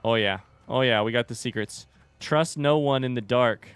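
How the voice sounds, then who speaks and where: A man's voice: medium pitch, moderate pace, a bit bright, smooth, no room sound. A young man casually commenting on a game he is playing live, chatting with viewers, reading their messages aloud and swearing now and then. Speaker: streamer. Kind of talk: casual let's-play commentary.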